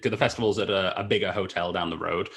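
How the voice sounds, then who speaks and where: A man from the United Kingdom hosting a relaxed chat over a video call. He has a very low voice and laughs often. He stammers and restarts as he talks. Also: fast, creaky, breathy edge. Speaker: podcast host. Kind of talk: casual interview chat.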